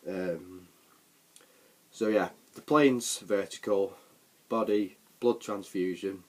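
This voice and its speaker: A man's voice: low-pitched, steady tone, slow pace. A man giving a casual, rambling film recap for a vlog, with frequent fillers and restarts. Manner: rambling, full of ums and restarts. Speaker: film reviewer.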